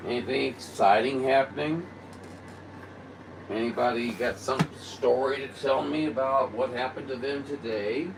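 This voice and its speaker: A man's voice: medium pitch, normal speed, far from the mic, background noise. A man hosting a CB radio livestream, rambling and grumbling in folksy casual chat.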